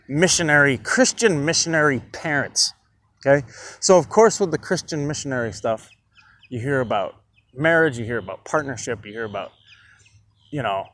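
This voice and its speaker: A man's voice: medium pitch, a bit bright. A man talking bluntly to his viewers in a casual monologue, swearing often and asking "do you understand?" again and again. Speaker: commentary vlogger.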